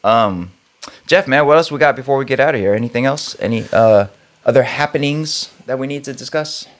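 A man's voice: medium pitch, brisk. A man co-hosting a podcast, chatting in an easygoing, joking way. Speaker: podcast co-host. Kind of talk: casual podcast chat.

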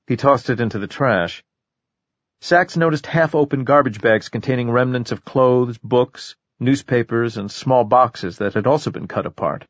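A man's voice: mid-range voice, normal speed, no echo, highs cut off. Male audiobook narrator, dry and close. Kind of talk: scripted narration.

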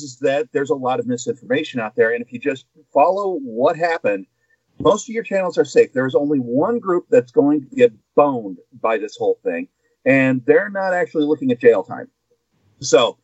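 A man co-hosting a chatty podcast, walking through a news story with plenty of asides. His voice sits at a middle pitch, recorded dry and close on a slightly muffled mic. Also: expressive, moderate pace, a little mellow, breathy edge, no echo. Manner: explanatory, with asides and filler. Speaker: guest co-host. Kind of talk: casual podcast chat.

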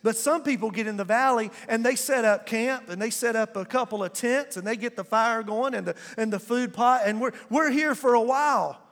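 A man's voice: extremely high pitch, moderate pace, few pauses, a bit bright, big-room sound. A male pastor preaching a sermon, calling for responses from the congregation and drawing out words for emphasis. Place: church sanctuary.

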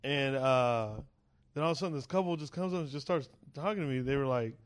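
A man's voice: mid-range voice, fast talker. A man who is a comedian guest on a podcast, telling a rambling, profane story and acting out what people said. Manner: profane, rambling, acts out quoted voices.

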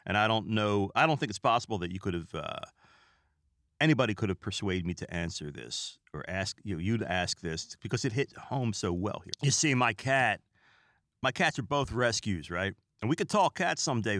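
A man's voice: fairly low pitch, fairly bright tone, no room sound, studio quality. A man hosting a podcast, telling stories in a rambling, chatty way with asides to listeners. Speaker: podcast host. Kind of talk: casual comedic storytelling.

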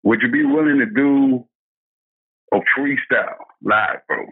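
A man's voice: mid-range voice, measured pace, breathy edge. A man from Texas calling in to a podcast, asking questions in a hesitant, polite way. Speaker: caller. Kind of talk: phone call-in. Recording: tinny phone line.

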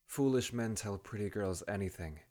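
A man's voice: on the low side, normal speed, voice pushed up, lightly acted. A man voicing a cruel sing-song seductress. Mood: cruel taunting.

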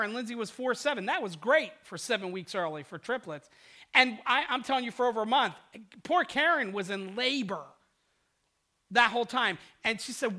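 An older man, a pastor, preaching a sermon and telling stories, swinging between loud outbursts and hushed, quiet passages. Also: extremely high pitch.

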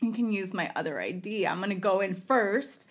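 This podcast guest from the Los Angeles area has a mid-range voice with lively intonation and speaks at normal speed. She spins a long, casual story, voicing different people's lines and laughing frequently.

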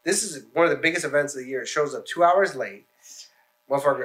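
Man, podcast guest, bright sharp voice, swears constantly, rambling anecdotes, casual chat. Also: mid-range voice, lively intonation, fast. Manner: profane, rambling storyteller.

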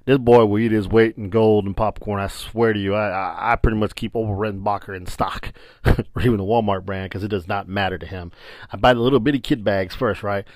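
A man in his late forties with a somewhat low voice tells a rambling family story with lots of laughter. He talks in a casual, animated way, and the sound is dry and close-miked, recorded while he lies on a bedroom floor. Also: a little fast, no echo. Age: 40s. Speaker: vlogger. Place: lying on a bedroom floor indoors.

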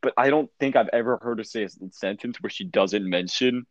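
A teenage student in casual chat who talks bluntly and profanely, stumbling through restarts. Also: male voice, mid-range voice, brisk, dry recording. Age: teens. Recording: slightly dull lo-fi sound.

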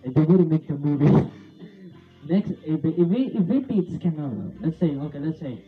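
A man's voice: a little high, lively intonation, normal speed. A young man in a casual rant, rambling and repeating himself, often laughing and swearing as he talks. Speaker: vlogger. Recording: tinny phone-like sound with faint music.

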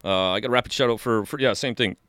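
A man's voice: mid-range voice, fast talker, a bit bright, clear, resonant tone, dry recording. A man co-hosting a podcast in a studio, chatting casually and enthusiastically, rambling with lots of fillers and restarts. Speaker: podcast co-host. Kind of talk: casual chat.

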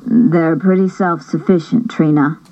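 A woman voicing a calm, gentle father who speaks softly and patiently. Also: sits low, unhurried, lo-fi sound. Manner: soft, patient.

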